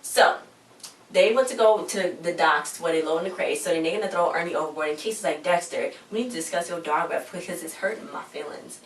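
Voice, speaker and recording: A young woman with a slightly low voice chats her way through a TV episode recap, acting out the characters' lines as she goes. She sits back from the mic in a roomy space, with a faint hum behind her. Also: brisk, distant mic. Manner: chatty, retells scenes acting out characters' lines. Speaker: TV show reviewer. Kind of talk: casual recap vlog.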